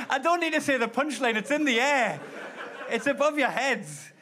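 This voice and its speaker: A man's voice: very high-pitched, noisy background. A man doing live stand-up storytelling, talking conversationally and directly to the crowd. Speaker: stand-up comedian. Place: stage before a live audience.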